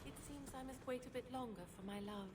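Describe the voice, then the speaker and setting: A woman's voice: high voice, fast, lightly acted. An actress voicing a dreamy, lovestruck young woman in a video game, with a theatrical romantic delivery. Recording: game audio with ambient noise.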